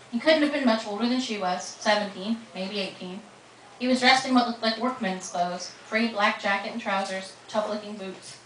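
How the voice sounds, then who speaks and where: Bright-voiced woman reading aloud in a bookstore. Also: medium pitch, slight background noise. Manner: expressive, animated narration. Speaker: author reading her novel. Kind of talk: live book reading. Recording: roomy, distant live reading.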